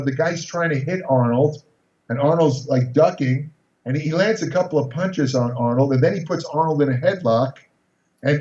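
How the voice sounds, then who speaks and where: A man's voice: fairly high pitch, darkish tone. Rambling older man telling anecdotes. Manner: rambling storyteller with many restarts. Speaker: podcast guest. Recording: distant roomy dull recording.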